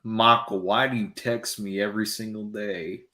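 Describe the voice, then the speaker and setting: A man's voice: fairly low pitch, steady tone, normal speed, bright, forceful tone. A man trading jokes and teasing in casual banter. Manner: teasing, joking. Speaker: co-host.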